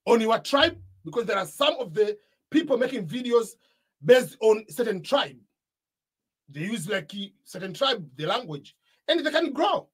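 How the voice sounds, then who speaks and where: Emphatic East African man, husky voice. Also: extremely high pitch. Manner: emphatic, repeats key points. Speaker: YouTube coach. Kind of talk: motivational talk to camera.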